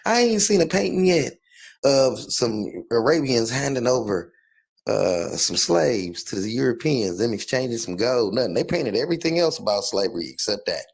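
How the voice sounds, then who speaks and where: A man's voice: mid-range voice, very animated, a little fast, husky. A man hosting a casual group chat, joking around and laughing often.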